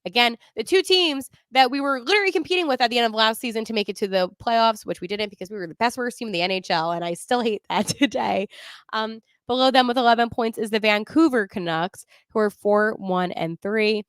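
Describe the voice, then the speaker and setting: A woman's voice: fairly high pitch, fairly quick, clear, resonant tone, no room sound, studio quality. A woman hosting a sports podcast, talking casually and with strong opinions, laughing often as she runs through the standings. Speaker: podcast host.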